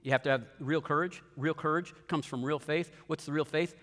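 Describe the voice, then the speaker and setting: A man preaching a sermon, his voice sitting a little high for a man. He tells the story with energy, jumping up and down in pitch and speeding up or slowing down as he acts out each character. A long reverb trails behind his words in a large church hall. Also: fairly even intonation, fairly bright tone. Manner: storytelling, acting out characters' lines with shifting pitch and pace. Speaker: pastor.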